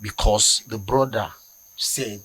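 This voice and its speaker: A man's voice: fairly low pitch, steady tone, takes it slowly, crowd noise. Indignant Nigerian man, emphatic studio panelist. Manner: indignant, emphatic, rising to loud outbursts. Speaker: talk show panelist. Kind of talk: heated studio discussion.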